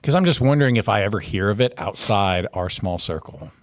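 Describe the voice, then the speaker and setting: A man's voice: fairly low pitch, expressive, fairly quick, dry recording. A man co-hosting a podcast in casual, self-deprecating chat. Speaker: podcast co-host.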